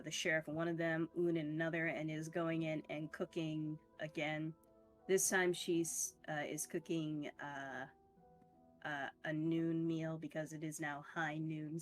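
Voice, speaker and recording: A woman's voice: sits low, little pitch movement, unhurried, soft background music. A woman running a tabletop game as game master, narrating in a loose, casual way with swearing. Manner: casual, swearing, laughs a lot.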